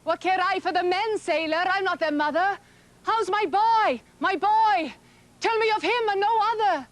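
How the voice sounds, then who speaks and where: Woman voicing a frantic high-voiced mother. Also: moderate pace, dry recording. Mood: pleading. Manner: insistent, pleading. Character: anxious proud mother asking after her sailor son. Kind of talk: dramatic poetry recitation.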